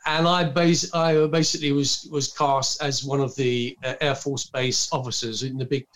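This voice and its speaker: A man's voice: medium pitch, level tone, normal speed, a bit bright. An older man, telling film-set anecdotes on a video call in a rambling way, full of fillers and restarts. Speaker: guest recalling film work. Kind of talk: anecdotal storytelling.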